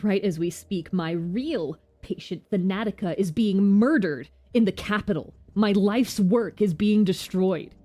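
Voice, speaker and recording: A woman voicing a stern older male town governor with a Southern US accent and a gruff, sardonic way of talking. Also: mid-range voice, measured pace, hardly any pauses, mellow, close to an everyday voice. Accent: Southern US (put on).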